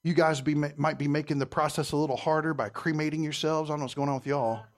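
A man preaching a sermon in church, quizzing his listeners and swinging between loud and soft. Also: fairly high pitch, steady tone, fast. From Southern United States. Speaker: pastor.

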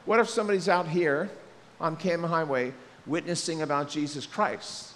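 Pastor guy preaching, high voice all over the place, goofy bits, church echo, faint noise behind. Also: moderate pace. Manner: lively, joking, acts out quotes in voices. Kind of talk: sermon. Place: church sanctuary.

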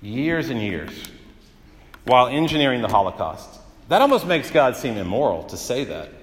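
A man's voice: medium pitch, big pitch swings, moderate pace, long reverb tail. A man preaching a sermon as pastor, in a conversational way with frequent "uh" fillers and vivid everyday examples.

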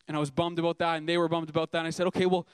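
A man's voice: a little high, flat delivery, very fast, smooth, dry recording. A young man preaching a sermon as a youth pastor, earnest and emphatic, asking the congregation rhetorical questions.

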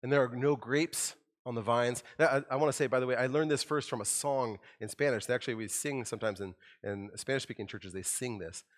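A middle-aged man delivering a sermon from a church stage. His voice sits in an ordinary middle pitch, and he talks to the congregation in a conversational way. He leans into the quoted lines and acts them out with rising emphasis. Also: fairly quick, hardly any pauses. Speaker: pastor.

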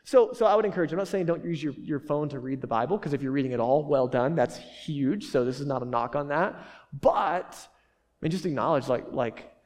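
A man's voice: fairly high pitch, brisk, a little mellow. A man preaching a sermon as pastor, casual and joking, full of fillers and restarts. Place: church hall. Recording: reverberant church hall.

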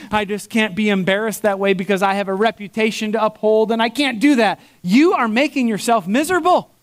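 A man preaching a sermon as pastor, telling stories with lively emphasis, repeating words and restarting phrases as he goes. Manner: animated storytelling, voice jumps high for emphasis.

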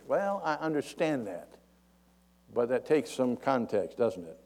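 A man's voice: medium pitch, sing-song, a little slow, a little mellow. A male preacher giving a folksy, conversational sermon.

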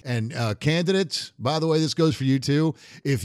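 A middle-aged man co-hosting a political talk podcast, joking and animated, slipping into mock voices. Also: medium pitch, moderate pace, no room sound, clean studio sound. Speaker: podcast co-host. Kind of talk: casual political talk show banter.

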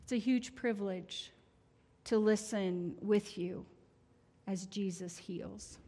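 A woman's voice: mid-range voice, takes it slowly, dark tone. A woman in her sixties giving a heartfelt, conversational testimony sermon as a prayer minister in a church sanctuary. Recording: long church hall reverb.

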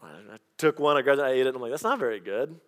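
Animated storytelling pastor, a man. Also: mid-range voice, racing. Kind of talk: sermon.

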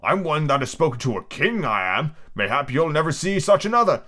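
A man's voice: a little high, very animated, a little fast, pushed and bright, voice pushed up. A man doing a pompous, touchy egg creature. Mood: haughty. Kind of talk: amateur podcast book reading.

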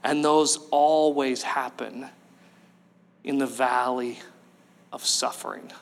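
A man preaching a sermon, animated, acting out voices from the story and at times rising to a shout. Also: medium pitch, slow. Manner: animated, acts out voices of Bible figures, rises to shouts. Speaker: pastor.

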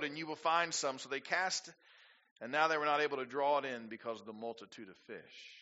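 Male pastor, bright voice a little high, sermon with emphatic rises and rhetorical questions, dull recording. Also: fast talker. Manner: preaching with rising emphasis, rhetorical questions to the congregation.

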